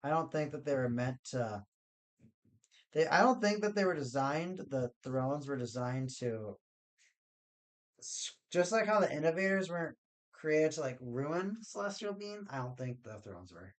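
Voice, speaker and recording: A man's voice: fairly high pitch, big pitch swings, a little slow. Rambling, joking man streaming card games. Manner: rambling, joking and talking to chat. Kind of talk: casual live stream chat.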